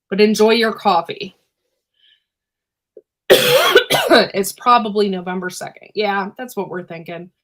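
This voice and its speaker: A woman chatting on a relaxed livestream from home, her voice sitting at an ordinary middle pitch. She rambles along with lots of fillers and keeps stopping to clear her irritated throat. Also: takes it slowly, pauses often. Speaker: livestream host and homesteader. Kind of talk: casual livestream chat. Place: indoors at home.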